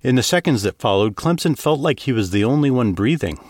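Male audiobook narrator; lively, expressive pitch, dry close studio sound. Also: brisk, no echo. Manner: expressive, steady storytelling.

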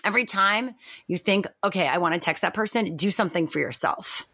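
A woman talking as a podcast guest in a reflective, animated way, with many fillers and restarts. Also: fairly low pitch, fairly quick, slightly rough, no echo. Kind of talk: casual podcast conversation.

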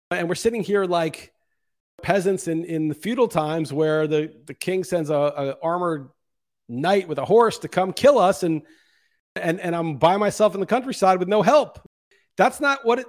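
Middle-aged male podcast host, high-pitched, heated and profane solo monologue. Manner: impassioned, ranting, profane.

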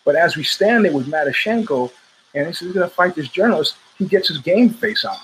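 A man's voice: high voice, expressive, brisk, slight background noise, rough recording. A middle-aged man hosting his own show, telling a long story in a casual, rambling way with restarts and asides. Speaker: show host.

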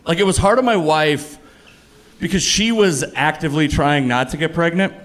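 A man in his thirties performing a stand-up comedy set on a club stage, with a punchy, animated delivery that jumps up on the punchlines. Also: a little high, normal speed, background noise. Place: comedy club stage before a laughing audience.

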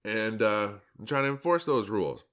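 A man's voice: on the low side, lively intonation, normal speed, fairly bright tone, clean tone. A man giving sarcastic, mocking solo commentary on his own article, laughing at his own jokes.

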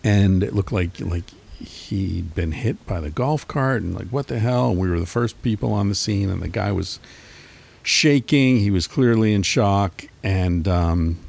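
A middle-aged man talks alone into a handheld mic, hosting his own show. His voice sits low with a gravelly, creaky edge. He rambles through a story in a loose, profane, casual way. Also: a little slow, a little mellow. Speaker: podcast host. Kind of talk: casual solo monologue.

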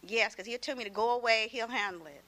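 A mother talking about her family, hesitant and halting, searching for her words. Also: a little high, bright, forceful tone. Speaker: guest, mother of children. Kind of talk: personal conversation.

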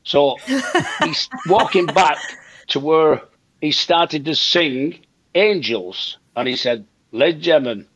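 An older man with a fairly high voice speaks slowly as a guest comedian in a casual chat, recorded dry and rough. He tells an animated anecdote, repeats himself for emphasis, and acts out the quotes.

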